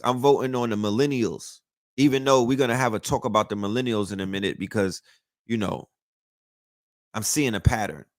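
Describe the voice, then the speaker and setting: A man's voice: medium pitch, no room sound, clean studio sound. A man hosting a show, ranting in a loose, profane, emphatic monologue that is full of restarts. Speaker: podcast host. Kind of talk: casual monologue.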